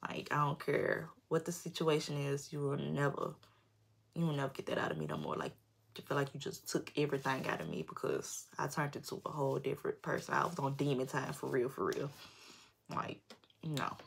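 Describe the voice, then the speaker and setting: A young adult woman vlogger telling a personal story in an animated, slangy, emphatic way. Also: a bass voice, brisk, vocal fry, slightly rough. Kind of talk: storytime vlog.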